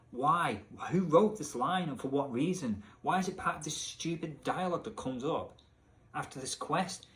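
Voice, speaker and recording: A man hosting a comedic video rant about a game, talking in an exasperated, sarcastic way that jumps up in pitch when he is incredulous. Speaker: video essay host.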